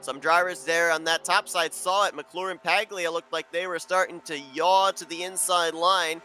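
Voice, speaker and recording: A man giving play-by-play commentary on an online sim race, steady and informative, building excitement as the racing gets close. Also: on the high side, moderate pace, faint music behind.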